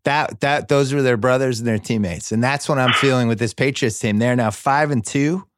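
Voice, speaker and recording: A man hosting a sports podcast, chatting casually with mock-sentimental excitement in quick rising bursts. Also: mid-range voice, dry recording. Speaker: podcast host.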